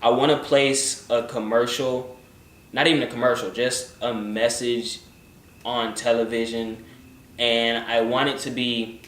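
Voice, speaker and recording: A man's voice: medium pitch, fairly bright tone. A young man answering viewer questions in a loose, joking vlog chat, often swearing and trailing off into mumbles. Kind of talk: casual chat. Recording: roomy, from a distance, faint background noise.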